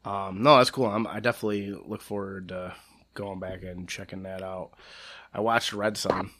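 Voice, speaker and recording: A man co-hosting a podcast, talking about shows in relaxed casual chat and laughing easily. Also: low voice, moderate pace. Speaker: podcast co-host.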